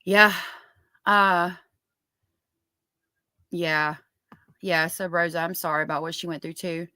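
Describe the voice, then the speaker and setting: Woman on a livestream reading the chat, bright sharp voice, dry sound. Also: fairly low pitch, steady tone, slow, smooth, no echo. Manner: casual, reads comments aloud, agreeable. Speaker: co-host reading viewer chat. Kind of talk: live stream chat.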